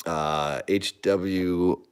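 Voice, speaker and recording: Man, thirties, low voice, casual yearbook chat, amused, rambling, trails off. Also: steady tone, very slow, clear, resonant tone. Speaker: host. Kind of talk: casual chat reading an old yearbook aloud.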